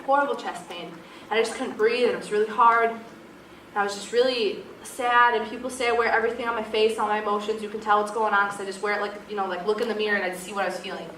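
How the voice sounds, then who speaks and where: A woman's voice: medium pitch, steady tone, fast, a bit bright, distant mic, slight background noise. Young woman, earnest testimony talk, confessional and exhorting, echoey room, off-mic. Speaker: youth speaker.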